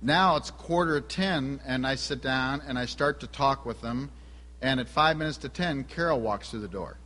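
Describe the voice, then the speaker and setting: A man's voice: mid-range voice, normal speed, bright, forceful tone. A man preaching a sermon, telling a personal story and putting questions to the congregation. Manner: asks the audience questions. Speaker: pastor. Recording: long hall reverb.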